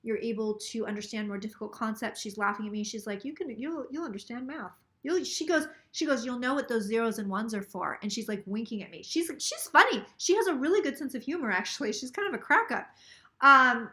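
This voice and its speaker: A woman with a bright, slightly high voice talks through a casual live psychic reading. She sounds a little tipsy and rambles as she relays a spirit's words. She swears freely along the way. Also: expressive, fairly quick. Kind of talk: casual live tarot stream, relaying messages.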